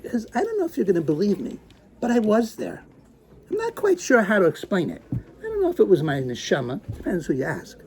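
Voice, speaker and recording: A man teaching a lesson, using Hebrew terms and acting out his stories, moving from hushed tones to excited outbursts. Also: sits high, gravelly, a little hiss or hum. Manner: animated, swings from hushed to excited. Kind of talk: lecture with acted storytelling.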